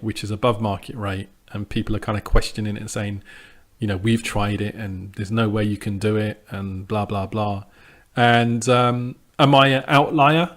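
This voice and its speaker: A man who runs a sports trading channel, giving a casual spoken update that is full of ums and restarts and pushes back at his critics. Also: medium pitch. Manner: conversational with frequent ums and restarts; defiant, dismissive of critics. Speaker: sports trader vlogger. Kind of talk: casual monologue to camera.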